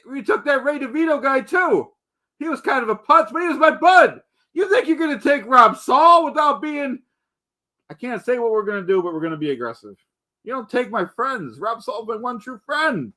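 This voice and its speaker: Man, comedic rant, indignant, boastful, high voice, swooping all over. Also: expressive, moderate pace, pushed and bright. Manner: indignant, boastful, repetitive, calls himself the Duke; stumbles and repeats words. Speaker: comedic ranter.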